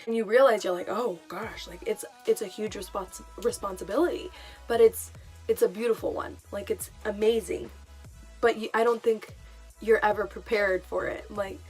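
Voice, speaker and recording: A woman's voice: mid-range voice, fairly even intonation, moderate pace, darkish tone. Young woman, casual storytime vlog, chatty, emotional, lots of fillers, faint music behind. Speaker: vlogger.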